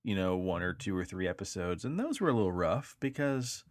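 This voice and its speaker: A man's voice: low voice, no room sound, studio quality. A man co-hosting a podcast, joking and laughing in casual chat. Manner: joking, animated, quick to laugh. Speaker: podcast co-host.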